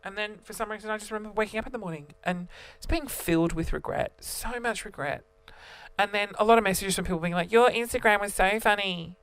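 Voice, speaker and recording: A young male vlogger tells a story to camera in an animated, theatrical way, jumping between different voices. He speaks high and quickly, and the recording is dry.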